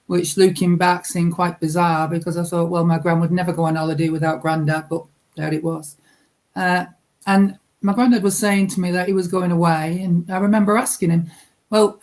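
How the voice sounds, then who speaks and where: A woman's voice: on the low side, a little mellow. A woman, a guest psychic medium, recounting a personal memory in a heartfelt, reflective way on a radio interview. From England.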